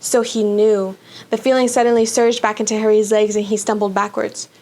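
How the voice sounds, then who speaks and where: A woman reading a children's fantasy book aloud for a book club, with an expressive, dramatic delivery. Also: medium pitch, normal speed. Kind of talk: storybook read-aloud.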